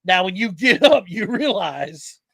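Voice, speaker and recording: A man's voice sits high, husky and touched with vocal fry, as he hosts a casual podcast at a measured pace. He tells an energetic story and swears freely, with no room sound.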